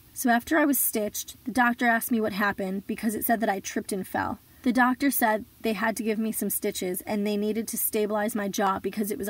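A woman telling a personal story in an earnest, measured way, with sudden shouted outbursts when she quotes herself. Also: medium pitch, no echo. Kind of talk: personal story told live.

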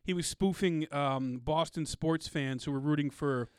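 A man in casual podcast chat, talking excitedly in slangy, loose phrasing. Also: on the high side, unhurried, smooth, dry recording, clean studio sound.

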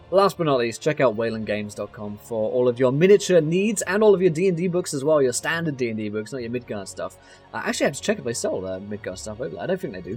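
A man's voice: medium pitch, slightly rough. A man hosting a tabletop game stream, reading sponsor notes in a chatty way, laughing often and tripping over his words. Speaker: host and player. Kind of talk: casual sponsor read on a live stream.

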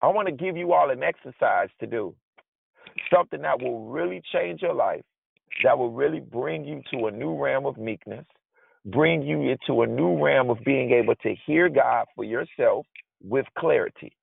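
A man preaching a conversational sermon, informal and animated, acting out his frustration in asides. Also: mid-range voice, normal speed, vocal fry, husky, no room sound. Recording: dry, tinny phone-like sound.

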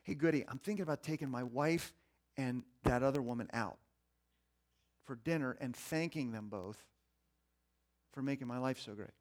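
A man preaching a sermon in a conversational, folksy way, swinging between hushed passages and loud, animated ones. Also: mid-range voice, moderate pace, pauses often. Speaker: pastor.

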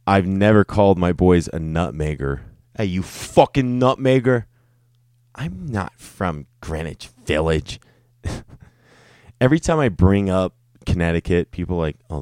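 A man's voice: low voice, a little mellow, no echo, studio quality. A young man hosting a casual solo podcast, rambling and joking with plenty of swearing. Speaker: podcast host.

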